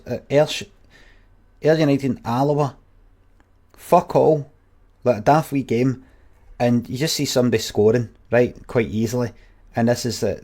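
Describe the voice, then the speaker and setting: A man's voice: mid-range voice, darkish tone. A Scottish man in his forties, rambling and swearing as he tells a story to his viewers on a stream.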